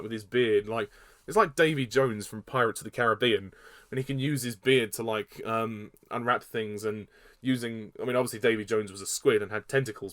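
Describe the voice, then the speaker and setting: A man's voice: medium pitch, a bit bright, no echo, studio quality. Blunt hesitant man reviewing films. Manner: blunt, hesitant with fillers and repeats, laughs at own jabs. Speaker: movie reviewer. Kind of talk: casual spoken film review.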